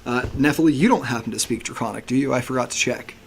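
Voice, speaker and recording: A man narrating a tabletop game as game master, slowing to hushed description. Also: mid-range voice, creaky, a little hiss or hum.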